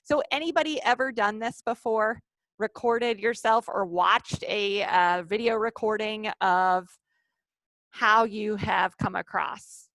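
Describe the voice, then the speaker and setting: A woman's voice: medium pitch, takes it slowly, fairly bright tone, no room sound. A woman leading a live online training session over a video call, upbeat and coaxing the participants.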